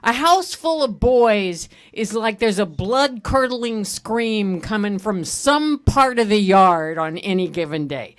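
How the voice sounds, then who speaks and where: A middle-aged woman doing a stand-up comedy set on a stage, telling animated stories and breaking into laughter. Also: medium pitch. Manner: animated storytelling with bursts of laughter. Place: comedy stage at a live fundraiser.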